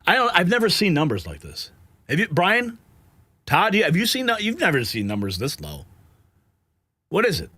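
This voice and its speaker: A man's voice: sits high, wildly swooping pitch, moderate pace, long pauses, bright, forceful tone, breathy edge, no echo. A man hosting a live political news stream, frustrated and agitated, sighing and swearing between headlines. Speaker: livestream news host.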